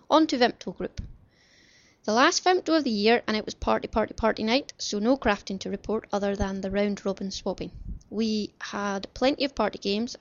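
Gravelly-voiced woman chatting about crafts. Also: mid-range voice, no echo. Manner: cheerful, rambling, self-deprecating asides. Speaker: podcast host. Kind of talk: chatty craft podcast talk. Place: bedroom at home. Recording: slightly dull lo-fi home recording.

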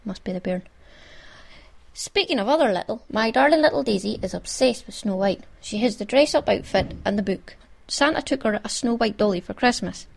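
A woman's voice: mid-range voice, expressive, a little fast, gravelly. A woman with a Scottish accent chatting casually and wryly as a host, amused at her own stories. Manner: chatty, wry, self-amused. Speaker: podcast host. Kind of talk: casual chat.

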